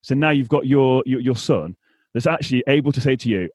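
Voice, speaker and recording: A man's voice: mid-range voice, animated, a little fast, a little mellow, dry recording, studio quality. A man hosting a podcast interview, blunt and emphatic, swearing freely in casual talk. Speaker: podcast host.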